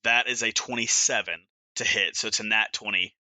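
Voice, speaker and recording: A man's voice: on the low side, steady tone, sharp tone. A man playing a comedic tabletop game, describing his character's moves with enthusiasm. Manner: enthusiastic, quick reactions. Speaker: player. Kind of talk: casual tabletop play.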